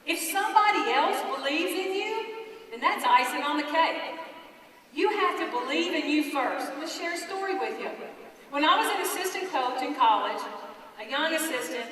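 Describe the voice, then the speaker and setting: A middle-aged woman gives a motivational school talk, high and bright, folksy and animated, firing off rhetorical questions. She is picked up from far off in an echoey auditorium with a long reverb tail and a faint murmur of the crowd. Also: normal speed, slight background noise. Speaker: guest speaker.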